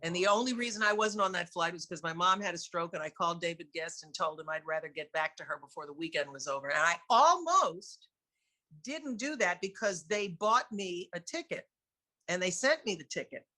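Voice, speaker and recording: A woman with a New York accent talks as an interview guest, candid and lively. Her voice is bright and ringing. She laughs often as she tells her stories. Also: on the low side, brisk. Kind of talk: casual storytelling in an interview.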